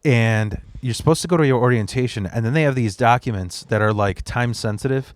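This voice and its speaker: A standup comedian spins rambling, swear-filled anecdotes in casual podcast talk. His voice sits at a middle pitch, close and dry on the mic with no room sound. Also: a little fast, dry recording.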